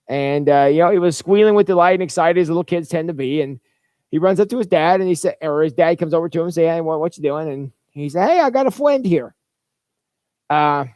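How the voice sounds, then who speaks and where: High-voiced rambling man pastor. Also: darkish tone, dry recording, clean studio sound. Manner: rambling, chatty, with stumbling restarts. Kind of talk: livestreamed informal Bible-study talk. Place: church.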